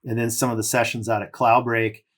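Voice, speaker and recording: Medium in pitch but brisk in pace, this middle-aged Californian and one-time professional surfer casually recounts long stories as a podcast guest. He stays relaxed and digressive, dropping in loose fillers throughout.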